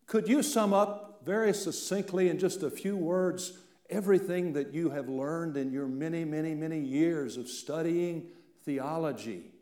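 Preacher man with swooping dynamics in an echoey church. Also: fairly high pitch. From central Appalachia, Virginia and eastern Kentucky. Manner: dramatic swings from loud declaration to hushed near-whisper. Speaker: pastor. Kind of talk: sermon. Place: church sanctuary.

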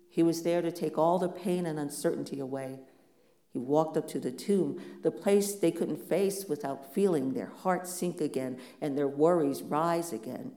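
A pastor preaching a sermon in a measured, reflective way, asking many rhetorical questions. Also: medium pitch, dark tone, echoey room.

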